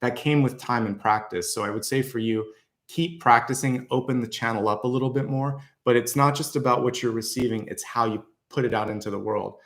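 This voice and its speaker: A man's voice: medium pitch, steady tone, fairly quick. A man giving a tarot reading to viewers, talking in a confident, encouraging, conversational way. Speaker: tarot reader.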